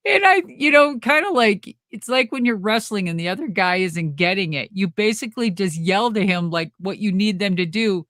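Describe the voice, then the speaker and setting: A woman's voice: mid-range voice, expressive, moderate pace, fairly bright tone, dry recording, clean studio sound. A middle-aged woman telling a backstage story in a casual interview, rambling and laughing often as she acts out what people said. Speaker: interview guest.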